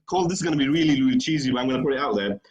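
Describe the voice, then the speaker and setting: A man's voice: mid-range voice, lively intonation, very fast, highs cut off, crowd noise. A middle-aged man from the United Kingdom, a studio guest telling a rambling story and laughing easily. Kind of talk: casual studio chat.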